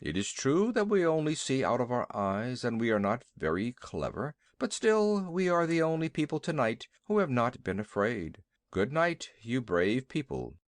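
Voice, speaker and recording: A man voicing a pair of slow, dull-witted gun bullocks who talk in a plodding way. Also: medium pitch, big pitch swings, no echo, close to an everyday voice. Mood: solemn.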